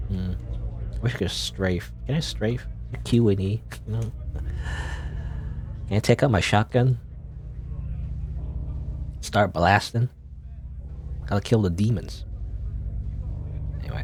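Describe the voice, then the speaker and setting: A man's voice: on the low side, a little hiss or hum. A man doing casual let's play commentary, rambling and hesitant, full of filler words, and reading the game's text aloud. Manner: reads game text aloud.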